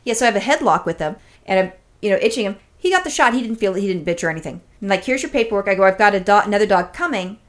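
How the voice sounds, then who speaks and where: A woman of middle pitch tells a winding story on a podcast, cursing casually and slipping into quick impressions of the people she met. Her delivery is chatty and animated, full of restarts and asides. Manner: rambling, profane, animated storytelling with acted-out quotes. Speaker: podcast co-host.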